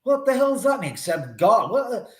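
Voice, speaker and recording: Dude doing a grumpy sea serpent, swears a lot, voice jumps around, echoey. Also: male voice, very high-pitched, sing-song, fairly quick, fairly bright tone, pitched above the performer's own voice, full character voice. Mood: indignant. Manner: indignant, swearing. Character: cranky foul-mouthed male sea serpent.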